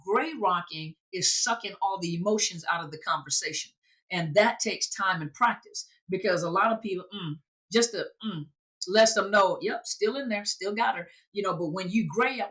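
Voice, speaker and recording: A woman's voice: fairly low pitch, a bit bright. A woman therapist and recovery coach giving an informal teaching talk, conversational and repeating phrases for emphasis.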